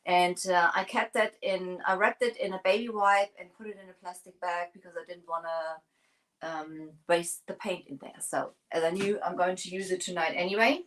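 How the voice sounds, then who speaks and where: A woman's voice: fairly low pitch, fairly even intonation, moderate pace, rough recording. A woman hosting a livestream, chatting casually and rambling with many fillers while she paints furniture.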